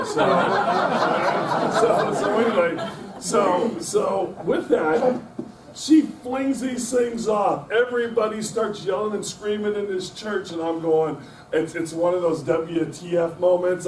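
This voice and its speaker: A man's voice: fairly high pitch, normal speed, distant mic, very noisy. Middle-aged man rambling stories, echoey room. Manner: rambling, folksy, self-deprecating humor. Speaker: guest speaker. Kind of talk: anecdotal storytelling talk. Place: club meeting room.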